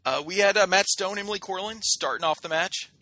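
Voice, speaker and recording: A man's voice: sits high, a little fast, sharp tone, no room sound. A man co-hosting a podcast in casual chat, mock-boastful and theatrical as he jokes with his friends. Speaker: podcast co-host.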